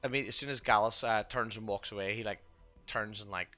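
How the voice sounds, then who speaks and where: A man's voice: lowish voice, steady tone, a little fast, sharp tone, muffled recording, soft background music. A man narrating as game master of a tabletop game, often hesitant and muttering to himself.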